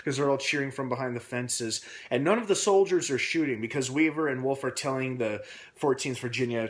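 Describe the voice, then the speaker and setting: A man recapping a TV episode in a casual, rambling vlog with many pauses and fillers. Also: medium pitch. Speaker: TV episode reviewer.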